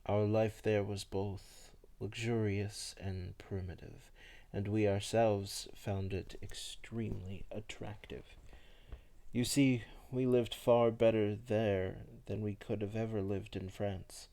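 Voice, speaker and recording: A man voicing a melancholy old vampire who recalls his past slowly and softly. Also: on the low side, flat delivery. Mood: wistful. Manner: slow, soft, hushed storytelling.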